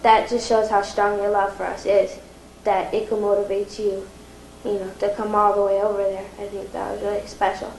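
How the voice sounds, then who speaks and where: A woman's voice: mid-range voice, monotone, moderate pace, a little mellow. Young woman, echoey video message. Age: teens. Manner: rambling, giggly, tearful toward the end. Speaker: granddaughter. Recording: echoey room with faint noise.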